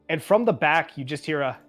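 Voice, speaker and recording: A laid-back Canadian game master narrating a tabletop role-playing game, chuckling between descriptions. The voice is mid-pitched, with faint music playing behind. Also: a bit bright.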